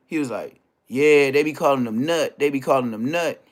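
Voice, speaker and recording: A middle-aged man tells of street drama in a casual, animated rant packed with slang and repeated phrases. He speaks at normal speed with a medium-pitched voice.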